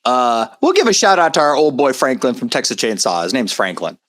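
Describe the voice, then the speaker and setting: A man's voice: medium pitch, sing-song, brisk, fairly bright tone, dry recording. A man chatting casually with a goofy, jokey manner. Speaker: podcast co-host. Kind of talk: casual chat.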